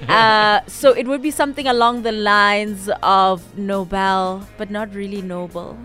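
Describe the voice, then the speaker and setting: A woman's voice: mid-range voice, fairly even intonation, unhurried, bright, forceful tone, faint music behind. A woman with a South African accent co-hosting breakfast radio, giving sassy, dismissive retorts in casual studio banter. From Soweto, South Africa. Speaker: radio co-host.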